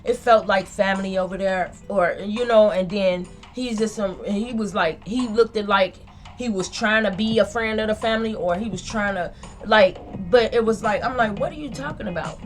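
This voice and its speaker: A woman's voice: mid-range voice, moderate pace. A woman who reads tarot, telling a dream in a loose, slangy, rambling monologue. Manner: slangy, rambling, repeats herself. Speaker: tarot reader. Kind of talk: casual monologue recounting a dream.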